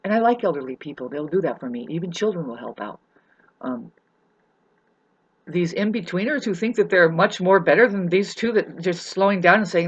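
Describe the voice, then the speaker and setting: A woman venting in a ranting monologue, profane and agitated, swinging from loud scolding to hushed asides and stumbling over her restarts. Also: on the low side, brisk, breathy edge, muffled recording. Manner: stammering restarts. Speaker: vlogger.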